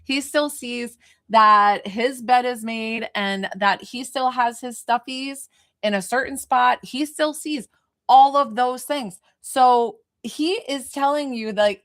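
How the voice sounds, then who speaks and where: A woman's voice: fairly high pitch, slow pace, fairly bright tone. A woman working as a psychic medium, giving a live reading in a rambling, hesitant way with many fillers and restarts. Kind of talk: live spirit reading to a viewer.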